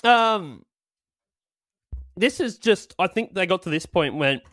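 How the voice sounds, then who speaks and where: Lively laughing podcast man. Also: sits high, takes it slowly, no echo, studio quality. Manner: laughs often, swears, reads lyrics aloud. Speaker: podcast co-host. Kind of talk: casual chat.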